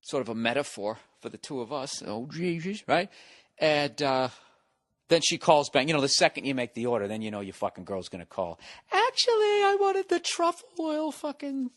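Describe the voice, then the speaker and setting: A man's voice: mid-range voice, expressive, a little fast, a bit bright, no echo. Profane ranting man, close and dry. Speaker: podcast host. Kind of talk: solo ranting monologue. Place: at home.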